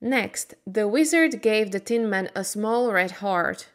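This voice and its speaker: A woman, an English teacher reading a storybook aloud clearly and deliberately for learners. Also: mid-range voice, lively intonation. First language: Slovak.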